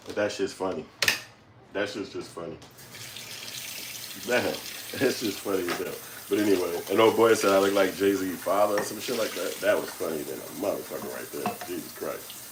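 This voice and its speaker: Deep-voiced laid-back man, profane chat. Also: fairly quick, noisy background. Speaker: channel host reading live chat. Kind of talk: casual live-stream talk.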